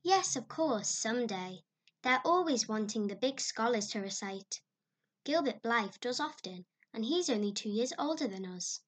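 A woman voicing a lively, excitable young girl who chatters quickly. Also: a little high. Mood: excited.

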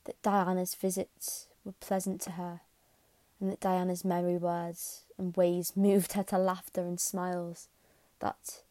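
A woman reading a classic novel aloud in a quiet, measured way, sometimes sinking to a whisper. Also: lowish voice, completely flat delivery, no room sound. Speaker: audiobook narrator. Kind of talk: scripted narration.

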